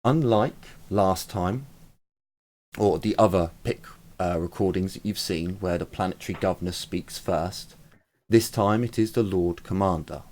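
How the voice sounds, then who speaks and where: A man narrating a tabletop game as its game master, slow and unhurried. His voice sits a little low. He stops and restarts as he goes. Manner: relaxed, halting, with fillers and restarts.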